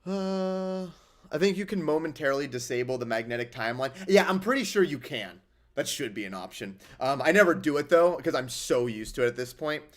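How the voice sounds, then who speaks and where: A man's voice: a little high, lively intonation, brisk, a bit bright. A young man hosting a casual livestream, rambling and sarcastic as he answers chat. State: injured hand. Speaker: livestream host.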